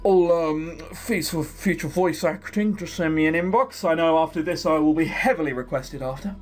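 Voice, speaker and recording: Sweary game commentator. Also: male voice, a little high, brisk. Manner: sarcastic, jokey, sweary asides. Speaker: let's play host. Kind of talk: casual visual novel commentary.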